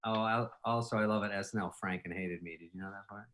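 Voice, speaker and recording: A man's voice: on the low side, steady tone, fast, a bit bright. A man in his fifties, a comedian telling rambling anecdotes in casual chat, often laughing at his own stories. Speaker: comedian guest.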